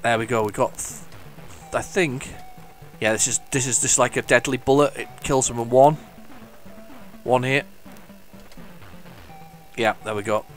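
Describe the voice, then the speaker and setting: A man chats his way through a retro game session, mid-pitched and eager, often tripping over his own sentences and starting again. Faint chiptune music plays in the background. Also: steady tone, measured pace, pauses often. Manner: chatty and enthusiastic, rambling with many restarts; hums the game tunes along. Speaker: retro gaming video host. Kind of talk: casual gameplay commentary.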